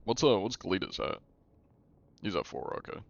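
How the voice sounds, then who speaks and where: A man's voice: low-pitched, sing-song, normal speed, gravelly, dull audio. A man streaming live, chatting casually while gaming and answering his chat, rambling with many fillers and restarts.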